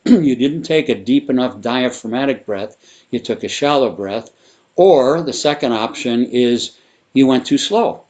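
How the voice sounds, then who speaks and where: A man teaching a guided vocal breathing exercise, talking in a relaxed, rambling way with fillers and restarts. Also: mid-range voice, highs cut off. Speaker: sound therapy teacher.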